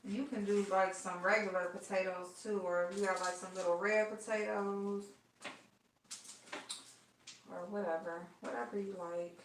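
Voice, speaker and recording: A woman's voice: mid-range voice, level tone, normal speed, reverberant, slight background noise. A woman vlogger chatting bluntly with her viewers while cooking at home, gossipy and loose, calling them y'all. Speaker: vlogger talking to her live chat. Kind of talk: casual chat while cooking.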